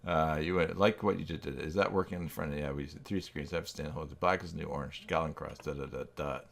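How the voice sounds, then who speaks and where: A man with a notably low, deep voice hosts a casual live stream. He thinks aloud as he works and reads his chat, and he pokes fun at himself along the way. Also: steady tone, fast, gravelly. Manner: thinks aloud, reacts to chat, self-deprecating.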